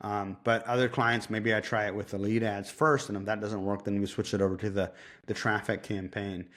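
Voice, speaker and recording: A man's voice: fairly low pitch, flat delivery, brisk, a bit bright. A man, a dog trainer and podcast guest, telling a story in a loose, casual way, with swearing and restarts. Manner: loose, profane, self-interrupting.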